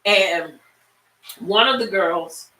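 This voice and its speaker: A woman teaching a Bible class, telling the story as a lively storyteller and speaking straight to her class. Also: medium pitch, very slow. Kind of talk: animated Bible-study teaching. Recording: echoey room, far from mic.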